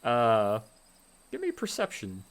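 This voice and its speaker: A man's voice: mid-range voice, wildly swooping pitch, slow. A man narrating as game master of a tabletop game, with loose, rambling descriptions full of fillers.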